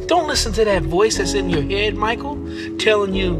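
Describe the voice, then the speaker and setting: Animated high-voiced man vlogging. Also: a little fast. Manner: earnest, emphatic, casual slang. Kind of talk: reflective personal vlog talk. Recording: music playing loudly behind the voice. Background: background music.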